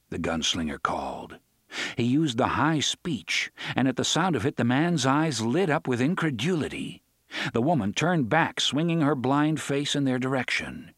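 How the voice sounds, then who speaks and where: A man narrating a novel in an expressive, measured way. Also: mid-range voice, slightly rough, no room sound, studio quality. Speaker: audiobook narrator. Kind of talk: scripted narration.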